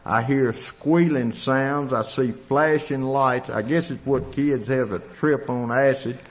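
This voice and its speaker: A man's voice: mid-range voice, steady tone, takes it slowly. A man with a Tennessee Southern accent telling his recovery story in a plainspoken, folksy way. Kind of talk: storytelling testimony. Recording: dull lo-fi recording in a reverberant hall.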